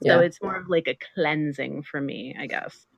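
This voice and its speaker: A middle-aged woman guest telling stories in a casual interview, animated and laughing often. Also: low-pitched, moderate pace, vocal fry, breathy edge, no echo, lo-fi sound. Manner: animated storytelling, laughs a lot.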